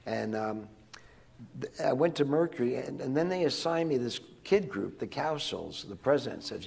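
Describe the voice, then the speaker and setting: A man's voice: mid-range voice, normal speed, gravelly, darkish tone. An older man speaking as a guest to students, telling rambling, digressive stories with frequent restarts and chuckles. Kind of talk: rambling anecdotal storytelling to students. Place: in front of a live audience.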